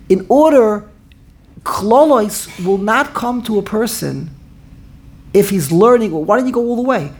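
Animated man teaching a Torah class. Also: high-pitched, slightly rough. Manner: animated, repetitive, stumbles and restarts mid-sentence.

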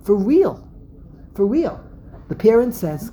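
A woman from Brooklyn with a Brooklyn accent, giving a religious lesson with an animated storyteller's habit of repeating and restarting phrases. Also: mid-range voice, moderate pace, slight background noise, poor audio. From Brooklyn, USA. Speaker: religious teacher. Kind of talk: Passover lesson talk.

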